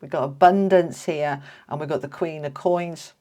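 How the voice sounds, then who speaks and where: A woman's voice: sits low, fairly even intonation, normal speed, warm tone. A woman giving a casual, chatty tarot reading to camera, talking to her viewers like friends. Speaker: tarot reader.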